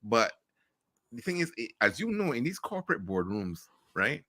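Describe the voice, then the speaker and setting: A man's voice: medium pitch, very animated, normal speed, sharp tone, no echo, clean studio sound. A middle-aged man with a Caribbean accent, a guest on a podcast, telling frank stories with blunt jokes and the odd swear word. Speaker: podcast guest, marketing executive. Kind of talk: casual interview chat.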